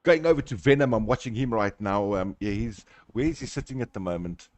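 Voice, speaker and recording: A man's voice: on the low side, a little fast, dry recording. A man from South Africa with a South African accent, giving chatty live commentary on a sim race, talking through each turn and laughing often.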